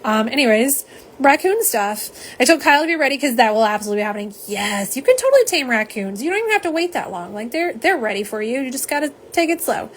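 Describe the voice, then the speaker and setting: A woman's voice: sits high, sing-song, fast, a little hiss or hum. A woman chatting through a live nail polish swatch stream at home, rambling and reading out viewer comments. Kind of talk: live unboxing chat.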